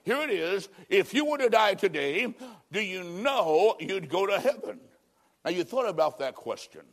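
A man preaching an evangelistic sermon, telling a story and pleading with dramatic swings between loud and hushed. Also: high-pitched, very animated, normal speed.

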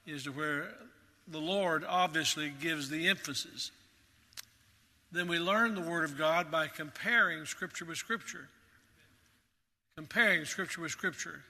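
A man's voice: on the high side, bright, forceful tone, big-room sound. A man preaching a sermon as pastor, earnest and emphatic, repeating key phrases for weight. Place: church sanctuary.

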